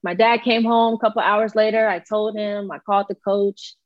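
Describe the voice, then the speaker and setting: Young woman telling a relaxed story. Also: mid-range voice, moderate pace, dry recording, highs cut off. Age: young adult. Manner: relaxed, filler-heavy, acts out quoted dialogue. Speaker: college basketball player. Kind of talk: casual interview storytelling.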